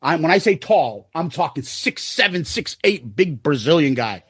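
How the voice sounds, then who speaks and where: A man's voice: a little high, big pitch swings, moderate pace, breathy edge, no room sound, clean studio sound. A man co-hosting a podcast, telling crude stories in casual banter and laughing often. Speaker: podcast co-host.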